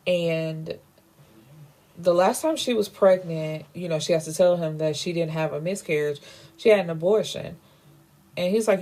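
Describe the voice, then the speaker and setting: A woman's voice: lowish voice, normal speed, warm tone. Chatty woman recapping a book. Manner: chatty, filler-heavy, opinionated. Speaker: book reviewer.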